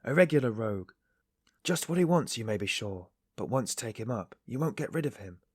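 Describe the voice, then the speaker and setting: A man's voice: medium pitch, expressive, a little fast, a little mellow, slightly rough, dry recording. Big blustering male porter, dismissive, dry close sound; man reads. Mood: gruff. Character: huge burly male porter, gruff and dismissive.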